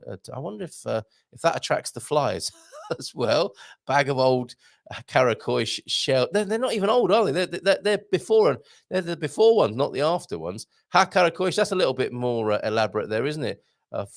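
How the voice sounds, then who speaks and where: A man's voice: normal speed, vocal fry. A middle-aged man hosting a live stream, chatting playfully, greeting viewers by name and making puns. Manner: lively up-and-down pitch, jumps high for greetings. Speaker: host. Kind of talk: live-stream chat reading viewer comments.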